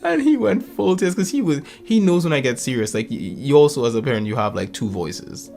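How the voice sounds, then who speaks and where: A man in his thirties casually telling a lively story about his kids, acting out their lines and laughing often. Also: mid-range voice, brisk, gravelly, faint music behind. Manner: animated, acts out family quotes, laughs often. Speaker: podcast co-host.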